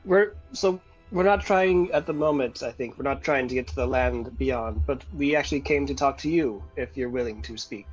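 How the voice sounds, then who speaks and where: A man's voice: mid-range voice, normal speed, hardly any pauses, husky, faint music behind. A man playing a tabletop game, polite and hesitant, restarting his sentences, on a slightly dull lo-fi mic. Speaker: player.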